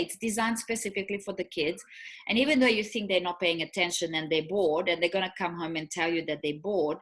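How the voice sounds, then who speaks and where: A woman's voice: mid-range voice, a bit bright. Woman, 40s, chatty co-host, rambling storyteller with fillers. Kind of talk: casual chat.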